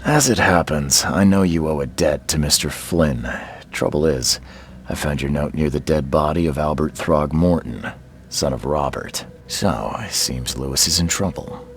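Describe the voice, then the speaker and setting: Game private eye: very deep, gravelly, cool and threatening. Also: male voice, normal speed, slight background noise. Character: hard-bitten male private investigator. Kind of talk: video game voice acting.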